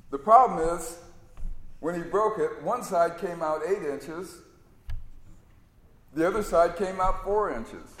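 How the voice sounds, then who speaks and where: A male preacher giving a sermon in a conversational, storytelling way. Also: on the high side. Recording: echoey hall reverb.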